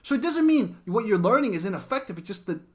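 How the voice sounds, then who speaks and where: A man hosting a casual interview over a call, talking in an animated, rambling way with plenty of fillers. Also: high-pitched, fast talker. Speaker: host.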